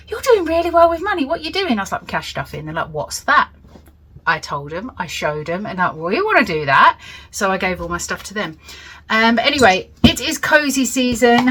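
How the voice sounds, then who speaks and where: Bright-voiced British woman vlogging. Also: mid-range voice, slight background noise, rough recording. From United Kingdom. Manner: rambling and candid, with frequent fillers and laughs. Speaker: budgeting channel host. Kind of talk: casual chatty vlog.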